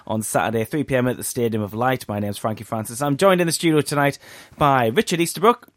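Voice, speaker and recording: A man hosting a casual football podcast in a studio, relaxed and hesitant. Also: mid-range voice, fast talker, no echo. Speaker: podcast host.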